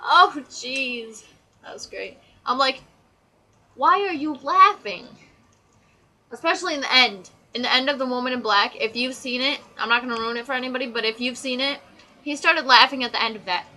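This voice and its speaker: A woman's voice: high-pitched, steady tone, fast talker, sharp tone, poor audio. A teenage girl vlogging a casual, sarcastic rant about her pet peeves. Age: teens. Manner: chatty, exasperated, sarcastic. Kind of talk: casual ranting list.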